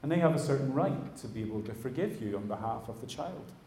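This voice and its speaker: Pastor preaching in an echoey hall. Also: male voice, mid-range voice, lively intonation, fast talker, dark tone, slight background noise. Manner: conversational, addresses the congregation directly. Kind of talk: sermon. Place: church hall.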